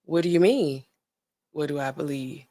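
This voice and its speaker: A woman pharmacist hosting a casual livestream, chatting in a slangy, animated way, reading out viewer comments and laughing often. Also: moderate pace. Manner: animated and chatty, slangy, swings between low asides and high exclaims; laughs often mid-sentence.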